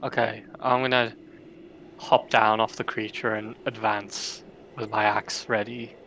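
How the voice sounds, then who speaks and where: A man's voice: on the low side, little pitch movement, unhurried, gravelly, sharp tone, slight background noise, poor audio. A man, a player in a tabletop game, chatting and describing his character's moves. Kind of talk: casual game chat in character actions.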